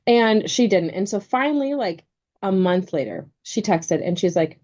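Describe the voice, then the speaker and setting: A woman co-hosting a casual podcast chat, telling stories from her career coaching work with quick asides. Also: medium pitch, animated, darkish tone, dull audio. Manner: chatty storyteller, quick asides.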